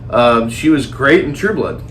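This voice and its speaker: Male co-host, casual film chat, mid-pitched, rambling and animated, light background noise. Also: a little slow. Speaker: podcast co-host. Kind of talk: casual movie review chat.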